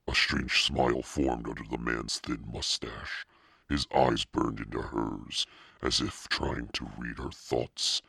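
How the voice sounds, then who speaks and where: A man narrating a spooky children's storybook in a steady, suspenseful reading. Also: extremely low pitch, takes it slowly, gravelly, breathy edge, no room sound, studio quality. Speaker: audiobook narrator.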